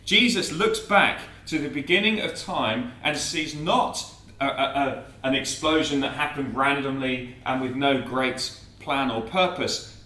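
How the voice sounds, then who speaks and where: A man giving an evangelistic talk to a student audience, lively and theatrical as he acts out quotes. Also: medium pitch, roomy sound, far from the mic. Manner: animated, theatrical, acts out quotes and a comic poem. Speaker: speaker at a student Christian meeting.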